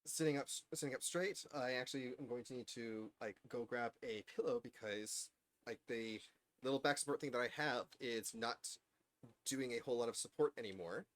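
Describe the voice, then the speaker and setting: A man's voice: medium pitch, normal speed, a bit bright, no echo. A worked-up man chatting on a live stream, rambling with stammering restarts. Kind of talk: casual live-stream chat.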